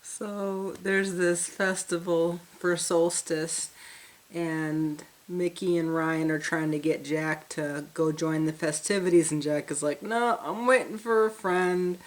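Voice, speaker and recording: Low, slow-spoken woman recapping a plot. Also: flat delivery. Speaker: podcast co-host. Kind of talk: casual review chat.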